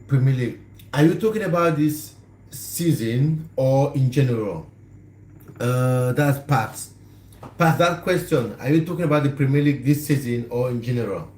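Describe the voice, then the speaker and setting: A man's voice: mid-range voice, expressive, moderate pace, a little mellow. Chatty man on an echoey live stream. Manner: chatty, laughs often, greets viewers. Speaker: livestream host. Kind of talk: casual live chat. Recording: echoey room, faint background noise.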